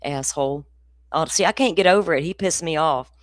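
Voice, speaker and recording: A woman's voice: deep voice, a little fast, no room sound, clean studio sound. A middle-aged woman, hosting a casual true crime livestream in a rambling, profane, ranty way.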